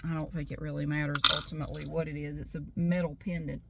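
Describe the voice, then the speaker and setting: A woman's voice: deep voice, level tone, quick pace, gravelly, very noisy. A frank, chatty woman in her fifties from the American South, with a Southern accent, rambling through a casual vlog. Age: 50s. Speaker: vlogger.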